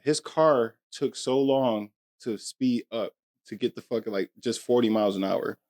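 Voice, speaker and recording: A man's voice: medium pitch, normal speed, darkish tone. A man co-hosting a podcast, telling a story in laid-back, slangy casual chat. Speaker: podcast co-host.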